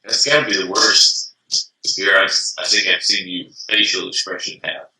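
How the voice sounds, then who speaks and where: A man's voice: deep voice, moderate pace, far from the mic. A man co-hosting a comedic beer tasting show, bantering and cracking jokes in casual chat. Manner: joking, animated banter. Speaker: co-host of a beer tasting web series. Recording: echoey room, voice away from the mic.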